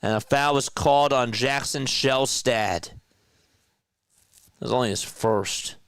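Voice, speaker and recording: A man's voice: medium pitch, takes it slowly, a bit bright, clear, resonant tone, dry recording. A young man from South Jersey with a South Jersey accent, calling live basketball play-by-play in a chatty way, laughing at his own asides. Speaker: play-by-play commentator.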